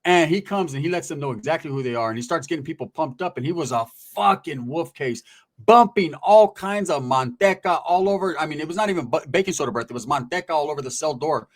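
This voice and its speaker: Male storyteller, streetwise and profane, animated delivery, slightly high pitch. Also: fast. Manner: profane, streetwise, animated, acts out quoted voices. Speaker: guest recounting prison stories. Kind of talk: casual storytelling.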